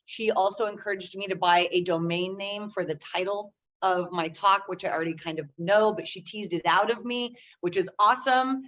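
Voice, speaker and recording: A woman's voice: mid-range voice, fairly even intonation, moderate pace, hardly any pauses, a bit bright. A woman checking in on a casual video call, enthusiastic and rambling with many fillers. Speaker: group member on a call. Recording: dull lo-fi call audio with faint noise.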